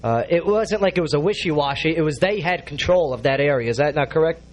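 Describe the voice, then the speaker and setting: A man's voice: fairly high pitch, lively intonation, quick pace. A man hosting a radio interview, deferential and calling his guest sir, often stumbling over restarts. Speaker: radio show host.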